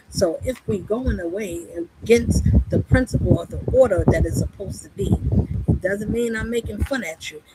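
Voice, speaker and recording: A woman preaching fervently in a monologue, pressing her listeners with rhetorical questions. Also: medium pitch. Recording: loud background noise.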